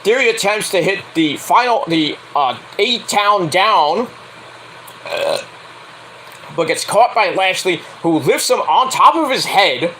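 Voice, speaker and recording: A man recaps wrestling matches in a casual, profane way, mocking the people he talks about and acting out their lines. His voice sits high and bright, and his pitch leaps around as he talks. A faint hiss of room noise runs behind him. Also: sing-song, takes it slowly, rough recording. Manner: blunt and profane, acts out quotes in mocking voices. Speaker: wrestling show reviewer.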